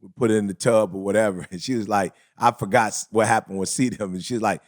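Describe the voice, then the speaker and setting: A man co-hosting a casual podcast chat, telling stories in a lively, slangy way and acting out other people's lines. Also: on the low side, fast talker, no echo, studio quality. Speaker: podcast co-host.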